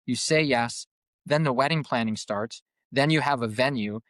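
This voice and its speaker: A man's voice: medium pitch, moderate pace, fairly bright tone, no room sound. A man working as a coach and group facilitator, speaking earnestly in a podcast conversation and often repeating words as he searches for the next one.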